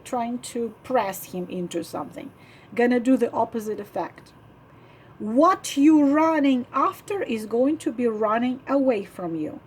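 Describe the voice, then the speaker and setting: Slow, husky-voiced woman giving love advice. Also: on the high side, darkish tone. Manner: earnest, repetitive, emphatic, with frequent throat clearing. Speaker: online relationship advisor. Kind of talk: motivational advice monologue.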